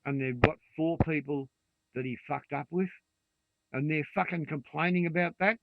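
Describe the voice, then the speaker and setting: With a fairly high, gravelly voice at a normal speed, a sixty-something Australian vlogger unleashes an angry, swear-filled rant to camera. There is no echo, and the audio comes across dry and tinny, much like a phone.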